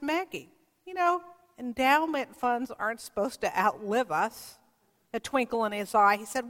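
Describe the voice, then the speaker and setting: A woman's voice: a little high, a bit bright, long reverb tail. A woman pastor preaching a sermon, earnest and storytelling, acting out quoted voices as she speaks.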